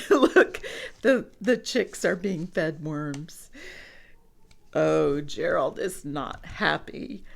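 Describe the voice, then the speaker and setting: A woman reading a picture book aloud, pointing out the pictures with chuckling, animated delivery. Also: low-pitched, very slow, vocal fry. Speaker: storybook reader. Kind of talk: storybook read-aloud.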